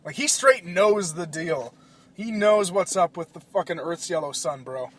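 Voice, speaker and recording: A man hosting a casual solo podcast, rambling in an excitable, profane way. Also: high-pitched, unhurried. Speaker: podcast host.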